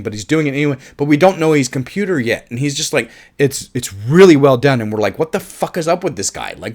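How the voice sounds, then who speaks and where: A man giving a casual, enthusiastic film review, rambling with restarts, swearing and laughing at his own jokes. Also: on the high side. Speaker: movie reviewer.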